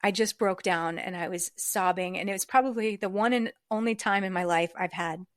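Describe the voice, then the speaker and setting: A woman guest in an interview, telling a personal story reflectively, with frequent fillers and soft laughs. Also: medium pitch, a little fast, no room sound, studio quality. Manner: reflective, acts out remembered dialogue. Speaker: podcast guest.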